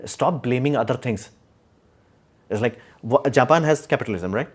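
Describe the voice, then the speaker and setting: A man's voice: mid-range voice, expressive, normal speed, breathy edge. A man hosting a casual livestream, blunt and opinionated, rambling with many fillers as he answers chat.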